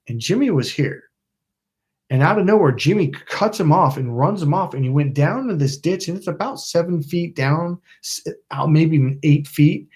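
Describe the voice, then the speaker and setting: A man's voice: fairly high pitch, darkish tone, slightly rough. A middle-aged man from California hosting his channel, telling a rambling story with lots of swearing and acted-out quotes. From Napa, California. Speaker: channel host. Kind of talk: casual storytelling livestream.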